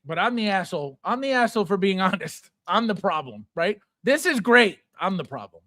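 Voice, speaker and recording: A man's voice: high voice, big pitch swings, brisk, sharp tone, no echo, clean studio sound. A man hosting a collectibles channel, ranting bluntly and scornfully about a figure, profane and sarcastic. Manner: repetitive, sarcastic jabs at viewers.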